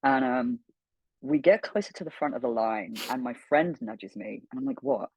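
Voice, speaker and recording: Brief: man, guest on an interview stream, husky mid-pitched voice, animated storyteller who swears casually. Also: moderate pace, no echo, dull audio. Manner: animated, swears freely, acts out quoted dialogue. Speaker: guest voice actor. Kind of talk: storytelling anecdote.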